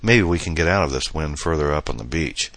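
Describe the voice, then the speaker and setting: A man's voice: very deep voice, animated, fairly quick, a bit bright, no room sound, exaggerated voice. A man playing a playful, boastful young man who jokes with his date, in a storybook reading. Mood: joking. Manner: playful, mock-grand.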